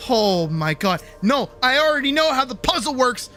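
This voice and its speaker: High-voiced ranting male streamer. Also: sing-song, moderate pace, few pauses, sharp tone, faint music behind. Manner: exasperated ranting, swearing, bursts of screaming and laughter. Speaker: game streamer. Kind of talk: live gameplay commentary.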